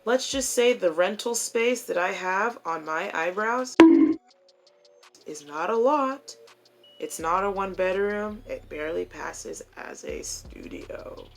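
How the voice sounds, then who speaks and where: A woman's voice: mid-range voice, animated, slow pace, soft background music. A young woman vlogging casually to her phone camera while doing her makeup at home, chatty, joking and candid, with plenty of swearing.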